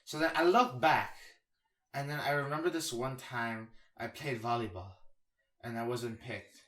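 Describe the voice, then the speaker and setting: A young man trades jokes in loose podcast banter and rambles from one tangent to the next. He leans on "you know" constantly and sometimes slips into a soft, low put-on comedy voice. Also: a little slow. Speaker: podcast co-host.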